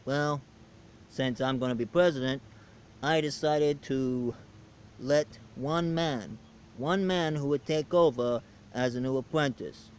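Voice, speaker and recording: A man's voice: mid-range voice, takes it slowly, clear, resonant tone, natural voice. A man doing a comic impression of a blunt, boastful male American president who likes firing people.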